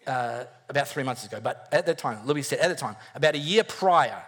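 A man's voice: medium pitch, animated, brisk, a bit bright. A male preacher giving a sermon in a jokey, conversational storytelling way, with wry self-deprecating humor and frequent restarts.

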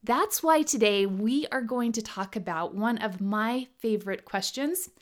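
A woman with a slightly high voice gives a scripted talk in a playful, humorous storytelling manner. She slows down to stress key words. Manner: slow and emphatic on key words. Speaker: motivational speaker.

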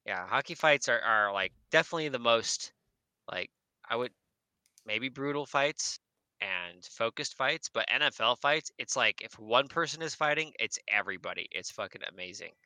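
A man co-hosting a casual podcast, excitable, swearing freely and tripping over his words. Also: medium pitch, moderate pace, clean tone, no echo. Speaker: podcast co-host.

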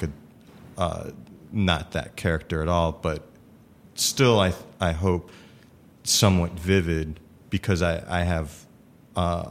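A man chatting casually about improv, talking haltingly with many fillers and restarts. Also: sits low, slight background noise. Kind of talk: casual chat.

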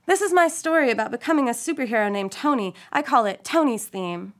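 A woman's voice: on the high side, a little fast, hardly any pauses. Woman reading a playful story aloud. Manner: expressive, playful storytelling with wry asides. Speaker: story reader. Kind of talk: reading a first-person short story aloud.

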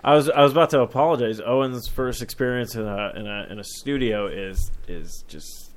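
A man's voice: medium pitch, fairly quick. A man co-hosting a casual podcast, telling rambling stories and laughing easily. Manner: rambling storyteller, laughs easily, many fillers and restarts. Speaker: podcast co-host.

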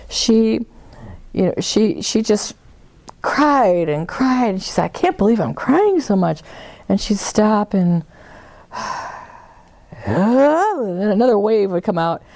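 A woman leading a forgiveness workshop, talking gently and meandering with soft laughs as she guides the group. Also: lowish voice, creaky, no room sound. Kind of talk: guiding a group session.

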